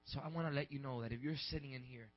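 Young pastor preaching, muffled lo-fi. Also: male voice, mid-range voice, fast. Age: 20s. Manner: conversational, rambling, rising to shouts. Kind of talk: sermon. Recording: dull lo-fi recording.

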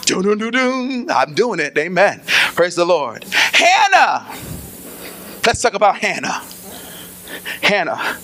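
High-voiced impassioned preacher man. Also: big pitch swings, normal speed, long pauses. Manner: impassioned, repeats phrases and swells into shouts. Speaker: pastor. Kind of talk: sermon.

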